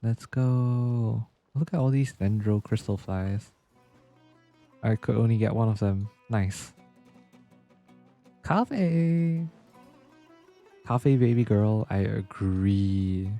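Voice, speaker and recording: Man doing live game commentary, cheeky, reactive, swears, mellow voice, faint background music. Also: fairly low pitch, slow, pauses often. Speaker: streamer.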